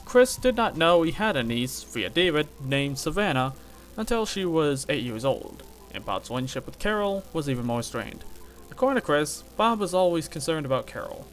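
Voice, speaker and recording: A man's voice: fairly high pitch, big pitch swings, moderate pace, faint music behind, poor audio. A man hosting a casual stream, reading a text aloud with joking asides. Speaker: stream host.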